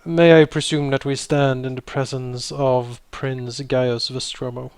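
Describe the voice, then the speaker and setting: A man voicing a courteous, self-assured wizard who speaks formally with slow emphasis. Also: medium pitch, flat delivery, smooth, no room sound, lightly acted. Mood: formal, courtly. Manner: formal, theatrical bowing speech with slow emphasis.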